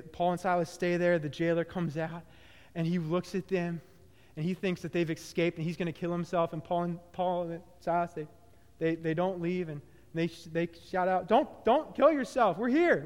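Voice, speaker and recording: A male pastor preaches with a high voice that rings through a hall with long reverb. He swings from loud, excited bursts to hushed, low, slowed phrases. He repeats and restarts his words often as he builds each point. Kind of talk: sermon.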